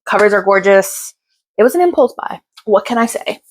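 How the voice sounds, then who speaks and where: A woman's voice: medium pitch, lively intonation, moderate pace. A young woman chatting casually through a book haul, bubbly and gushing, tired and a little out of breath. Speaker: book vlogger.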